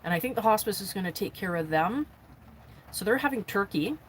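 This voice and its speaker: Animated and fairly quick, a vanlife vlogger chats casually on a livestream inside her camper van, talking to her viewers and her dogs, with her pitch rising sharply for the dogs. The poor audio picks up slight background noise.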